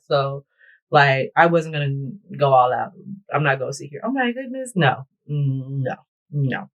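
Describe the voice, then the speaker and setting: A woman's voice: very deep voice, rough recording. A woman vlogger chatting bluntly and profanely through a storytime while she does her makeup and hair. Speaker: beauty vlogger. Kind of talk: get-ready-with-me storytime chat.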